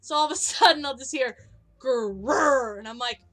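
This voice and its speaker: A young woman co-hosting a casual video-call hangout, telling animated stories with frequent laughs. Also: sits high, quick pace. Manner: animated storyteller, laughs often. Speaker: co-host.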